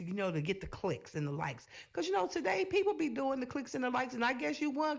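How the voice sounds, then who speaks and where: Sassy woman with lively pitch. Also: creaky. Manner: sassy, animated, talks straight to viewers. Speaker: reaction video host. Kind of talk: casual reaction commentary.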